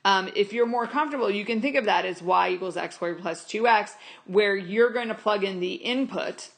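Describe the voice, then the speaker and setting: A woman's voice: mid-range voice, fairly bright tone. A woman math teacher giving a recorded lesson, explaining each step to her students and repeating key points firmly. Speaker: high school math teacher.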